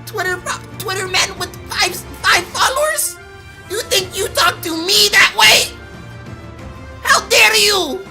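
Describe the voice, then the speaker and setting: A man putting on a shrill, indignant online troll, shouting and squealing in mockery. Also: slow, soft background music, exaggerated voice. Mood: outraged mockery.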